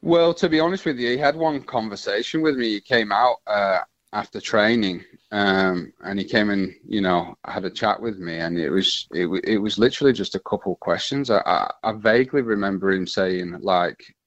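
A man, telling his story as a radio interview guest, halting and full of restarts. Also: lowish voice, dry recording, muffled recording.

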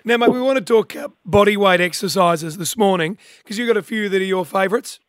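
A man with an Australian accent hosting a breakfast sports radio show, brisk and matey. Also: sits high, dry recording, studio quality. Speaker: radio host.

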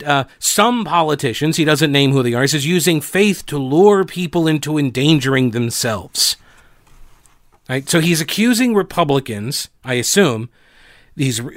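A man's voice: fairly high pitch, no echo, studio quality. A man hosting a political commentary show, talking in a sarcastic, mocking way with frequent restarts. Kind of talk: opinionated commentary.

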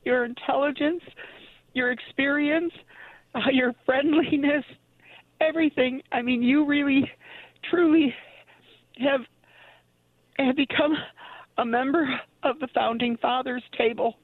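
A woman's voice: high-pitched, fairly even intonation, measured pace, long pauses, no echo. Effusive woman caller on a dull phone line. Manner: effusive and emotional. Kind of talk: phone-in call. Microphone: telephone.

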